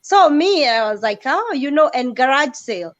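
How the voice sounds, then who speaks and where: This is a woman hosting a relaxed conversation. Her voice is high. She talks in a halting way, breaking off and starting her sentences again. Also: highs cut off. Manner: hesitant, halting with restarts. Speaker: host. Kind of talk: casual interview chat.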